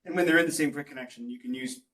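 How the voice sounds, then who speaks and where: A man's voice: a little high, fairly bright tone, far from the mic. A man chiming in casually during a technical call, often saying like. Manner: quick, casual, uses like often. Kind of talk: technical discussion.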